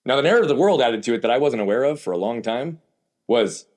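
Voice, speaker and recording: A man's voice: medium pitch, expressive, quick pace, a little mellow. A man as an interview guest, telling his story candidly and emphatically and asking himself rhetorical questions. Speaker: podcast guest.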